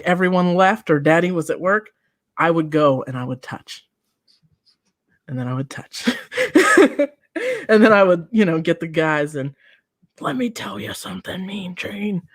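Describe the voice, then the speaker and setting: A woman in her forties tells stories at an unhurried pace on a podcast, her voice dry and close to the mic. She acts out quotes with lively energy and laughs often. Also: on the low side, no echo. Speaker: podcast co-host. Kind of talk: casual chat.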